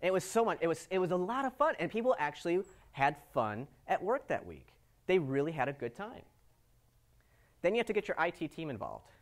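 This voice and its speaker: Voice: mid-range voice, very animated, a little fast. A speaker giving a security conference talk from a stage, stressing key points by repeating them.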